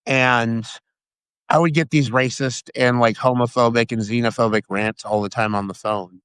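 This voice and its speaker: A man from Sacramento, California, chatting as a guest, telling stories in an excitable, rambling way with frequent restarts. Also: medium pitch, normal speed, clean tone, dry recording. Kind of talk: casual chat.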